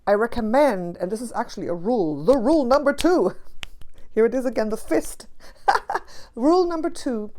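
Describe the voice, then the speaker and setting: Woman, spiritual teacher talking to camera; slightly high voice, emphatic and passionate delivery. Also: darkish tone. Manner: passionate, emphatic, repeats key phrases.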